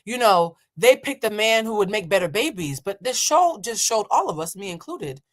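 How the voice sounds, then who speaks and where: A woman's voice: medium pitch, moderate pace. A woman in her thirties, an emotional intelligence coach, telling a story in a blunt, profane way and acting out the people in it. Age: 30s. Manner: animated, blunt and profane, acts out quoted voices. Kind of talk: storytelling reaction commentary.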